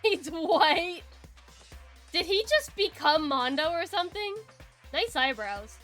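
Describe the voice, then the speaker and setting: A woman's voice: very high voice, lively intonation, slow, fairly bright tone, faint music behind. A woman streamer giving casual, giggly commentary on a game, swearing freely.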